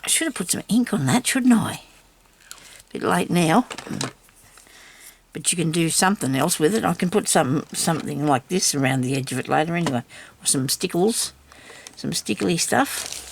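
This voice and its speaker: There's slight background noise behind this woman's low-sitting voice. She's a crafter filming a tutorial, chatting casually to herself and her viewers while she works and teasing herself with little laughs.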